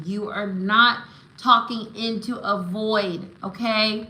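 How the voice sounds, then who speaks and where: A woman's voice: medium pitch, steady tone, slow pace, bright, forceful tone, echoey room, slight background noise, poor audio. A woman giving live tarot and oracle readings, affirming and encouraging, often checking in with "right?" and "okay?". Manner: emotional, spiritual encouragement. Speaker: tarot reader.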